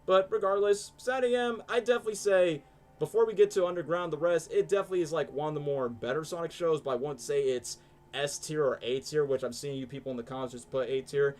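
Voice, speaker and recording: A man's voice: fairly high pitch, fast, a little mellow. A young man hosting a live stream, chatting casually and animatedly with lots of fillers. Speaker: stream host. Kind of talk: casual chat, ranking shows live.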